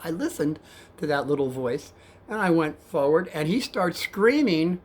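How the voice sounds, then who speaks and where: A man who used to drive a cab, telling a story casually and softly, with a rambling manner and calling his viewers kids. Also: on the high side, animated, moderate pace, slightly rough. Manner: soft-spoken and rambling, addresses viewers as kids.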